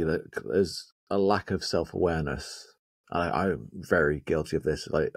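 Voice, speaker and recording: Husky, very deep-voiced male host. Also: darkish tone, no room sound. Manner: thoughtful, hesitant, frequent affirming murmurs. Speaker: podcast host. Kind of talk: interviewing, casual chat.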